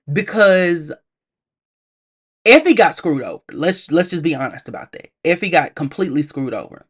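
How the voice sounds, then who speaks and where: A woman with a slightly low-pitched voice reviews a film in a loose, conversational way. She is lively and chatty, laughs easily, and speaks straight to her viewers as if they were friends. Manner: chatty and animated, laughs often; addresses viewers directly, acts out characters' lines. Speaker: movie reviewer. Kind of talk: casual movie review.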